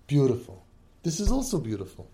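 Emphatic man a dark voice. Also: mid-range voice, wildly swooping pitch, brisk. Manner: emphatic, acts out children's pleas, mixes in Yiddish and Hebrew words. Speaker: group leader speaking to siblings. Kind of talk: impassioned talk to a support group.

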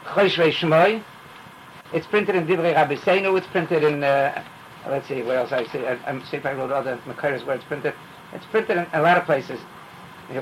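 A man with leads an informal Torah class, rambling animatedly from one parable to the next. His fairly high voice swings widely in pitch as he rushes along. A faint hiss of background noise sits under the talk. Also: rough recording. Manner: animated, rambling, mixes in Yiddish phrases. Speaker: rabbi teaching a class.

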